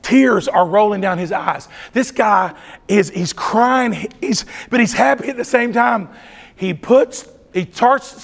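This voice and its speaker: A middle-aged man preaches at a youth conference, telling an animated story and acting out the voices. His voice is high and creaky. It's recorded in a large church hall with reverberant sound.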